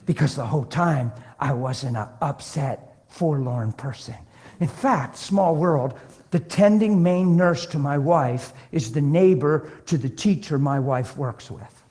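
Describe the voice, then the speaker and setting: A man preaching a sermon, telling stories and acting out conversations, swinging between hushed and loud. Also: a little high, a little slow. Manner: acts out dialogue in different voices. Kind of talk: sermon with storytelling.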